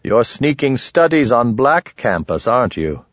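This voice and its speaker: A man voicing an aging male wizard, a gruff and wary father who talks in low, terse mutters. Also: very animated, a little slow, no room sound, highs cut off. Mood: gruff muttering.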